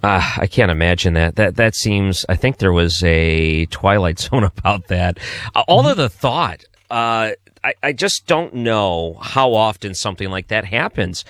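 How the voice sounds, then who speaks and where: A man's voice: lowish voice, animated, unhurried, a bit bright, dry recording. A man co-hosting a talk show, responding hesitantly in casual chat. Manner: hesitant, restarts his thoughts.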